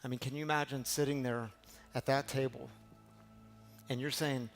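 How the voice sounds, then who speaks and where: A man preaching a sermon as pastor, telling a personal story and moving between hushed, slow passages and loud, emphatic ones. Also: on the high side, steady tone, faint music behind. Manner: heartfelt, storytelling preacher with repeated phrases.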